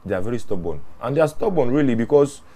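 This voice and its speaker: A man, a mortuary worker telling his experiences in an interview, earnest and animated, often repeating words and restarting phrases. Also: medium pitch, fast. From Ghana. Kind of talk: interview storytelling.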